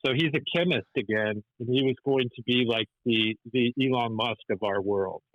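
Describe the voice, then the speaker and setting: A man's voice: medium pitch, normal speed, no room sound, dull audio. Rambling man telling stories. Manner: rambling, many restarts and "right?" checks. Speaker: podcast guest. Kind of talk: casual storytelling.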